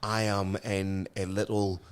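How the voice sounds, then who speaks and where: A man's voice: lowish voice, level tone, takes it slowly, clean tone. A man co-hosting a podcast, with dry, wry humour and a habit of reeling off fight statistics. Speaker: podcast co-host. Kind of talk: casual banter.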